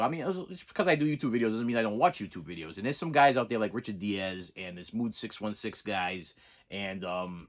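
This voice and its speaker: A man's voice: on the low side, animated, a little fast. A man casually reviewing horror movies on a vlog, rambling with many restarts and repeats, laughing often and checking in with "okay?".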